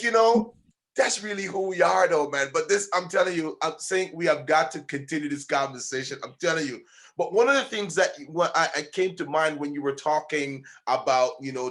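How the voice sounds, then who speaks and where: A man hosting a podcast in casual chat, animated and laughing, repeating himself for emphasis. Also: on the high side. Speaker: podcast host.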